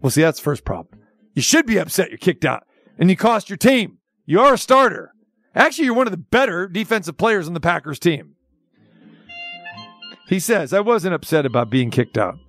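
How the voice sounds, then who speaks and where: Sports radio host, man with a strikingly high voice, incredulous mocking rant over a faint music bed. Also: big pitch swings, normal speed, long pauses, a bit bright, no room sound.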